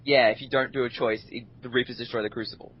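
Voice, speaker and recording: A man in casual gaming chat, rambling through animated complaints with restarts. His pitch sits in the middle range. The recording is dull and lo-fi. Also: quick pace. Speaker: podcast co-host.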